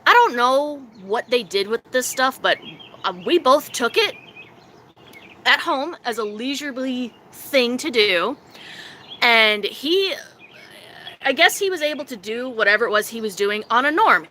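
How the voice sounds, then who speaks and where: A young woman with a bright, clear voice pitched a little high, chatting casually on a live stream from her phone. She tells her story with animation and giggles, often putting on a silly high voice for her own quotes. Faint noise sits under the audio. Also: animated, a little slow.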